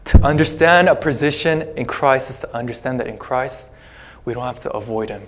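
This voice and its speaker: A man's voice: medium pitch, fairly quick, fairly bright tone. Man preaching a casual storytelling sermon. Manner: conversational storytelling with casual asides. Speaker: pastor.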